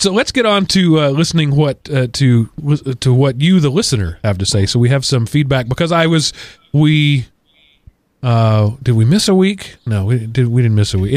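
A man hosting a casual podcast reads listener feedback aloud in a middle-pitched voice. He rambles, stops and restarts, and fills gaps with "uh". The sound is dry and close, with no room around it. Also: darkish tone, no echo. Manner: rambling, with many restarts and fillers. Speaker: podcast host.

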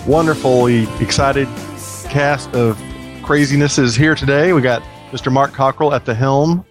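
A man's voice: medium pitch, normal speed, faint music behind. A man hosting a casual podcast, rambling and chatty with plenty of fillers. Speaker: podcast host.

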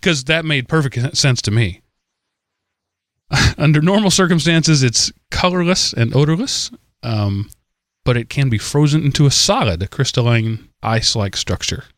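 A man's voice: medium pitch, animated, normal speed, fairly bright tone, dry recording. A man hosting a casual comedy podcast, giving wry announcer-style intros and chatting with his co-hosts on a close mic. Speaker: podcast host.

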